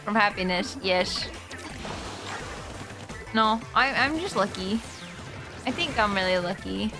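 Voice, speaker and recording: A young woman streams a game and chats casually with her viewers, with music playing behind her. Her voice is medium-pitched and animated, and she takes her time speaking. She's emotional and teary but laughs often.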